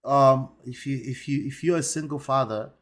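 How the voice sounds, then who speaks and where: A man's voice: mid-range voice, moderate pace. A man hosting a commentary show, talking emphatically and tagging points with rhetorical questions. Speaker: host.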